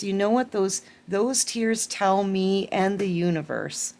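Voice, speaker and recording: Woman tarot reader, unhurried, close to tears, repeats herself for emphasis. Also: mid-range voice, gravelly, darkish tone. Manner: emotional, tearful, repeats phrases for emphasis. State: holding back tears. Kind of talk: collective tarot reading to camera.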